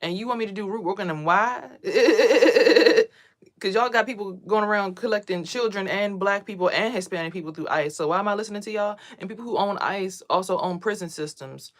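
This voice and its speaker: A young adult woman, a spiritual vlogger, talking casually and bluntly to camera with lots of swearing, getting louder as she gets worked up. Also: mid-range voice, normal speed. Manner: blunt, profane, ranting; animated, swings louder when worked up.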